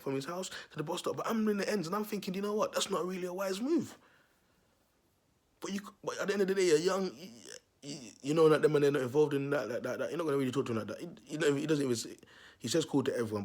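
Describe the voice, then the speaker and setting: A man's voice: on the high side, very fast, darkish tone. A man, a vlogger telling a neighbourhood story to his viewers in a slangy, repetitive way.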